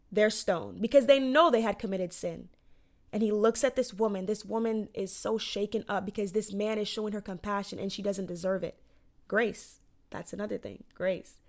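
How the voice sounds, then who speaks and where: A young woman talks through a Bible story in a loose, chatty way, full of slang and "you know". Her voice sits at a middle pitch, neither high nor low. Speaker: vlogger retelling a Bible story. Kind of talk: casual storytelling.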